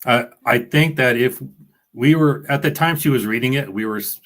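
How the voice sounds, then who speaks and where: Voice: mid-range voice, normal speed, fairly bright tone. A guest on a casual live stream who answers easily and mostly agrees in short replies. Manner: easygoing, brief agreeing replies.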